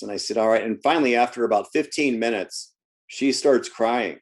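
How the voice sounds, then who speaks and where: A man with a lowish voice talks casually in an interview about his coaching work. He tells stories about his clients and often stumbles and repeats words as he goes. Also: fairly quick, vocal fry, slightly rough. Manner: storytelling, repeats words when restarting. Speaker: health coach guest.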